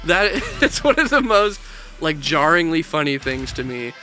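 A young man with a slightly raised voice, joking and sarcastic as he chats and laughs a lot. Loud music plays behind him throughout. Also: fairly high pitch, big pitch swings, moderate pace. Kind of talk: casual chat reacting to music.

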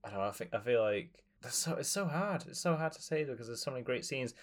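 A man's voice: lively intonation, fast. A man co-hosting a podcast, chatting casually about films, hesitant and searching for words as he goes. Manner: hesitant, many fillers and restarts, jumps up in pitch. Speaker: podcast co-host. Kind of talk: casual film chat.

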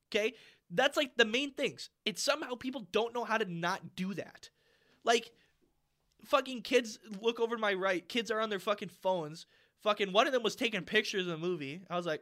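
A man's voice: high voice, lively intonation, brisk, sharp tone. A young man co-hosting a casual podcast chat, ranting and swearing freely with lots of fillers. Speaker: podcast co-host.

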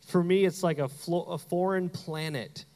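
A man's voice: sits high, normal speed. Canadian guy preaching, tells stories, acts out voices, long hall echo. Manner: animated storytelling, acts out quoted voices. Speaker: pastor. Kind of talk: sermon with personal story.

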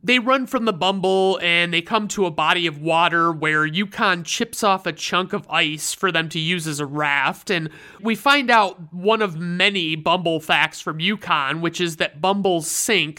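A sarcastic, profane host recaps an old special in casual commentary. The voice is bright and crisp, with a smooth, clean tone. The asides land deadpan and dry. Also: mid-range voice, measured pace, few pauses.

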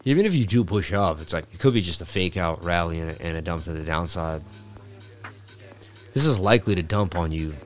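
Soft music plays behind a crypto streamer with a deep, brisk voice. He analyzes the market charts casually, cracking jokes, riffing freely and going over the same points more than once.

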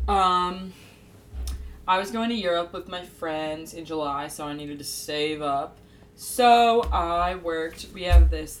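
A woman's voice: lowish voice, a bit bright. A young woman in casual chat, playful and teasing. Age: young adult. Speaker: podcast co-host.

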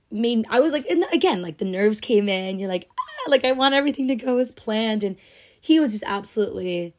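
A young woman with a mid-range, somewhat dark voice hosts her own solo podcast, chatting casually. She gushes emotionally, says "like" constantly, and sounds teary, on the verge of crying.

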